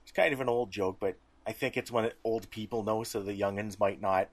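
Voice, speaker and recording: A man co-hosting a podcast, telling a tabletop gaming story in an animated way. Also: on the low side, brisk. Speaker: podcast co-host. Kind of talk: casual chat.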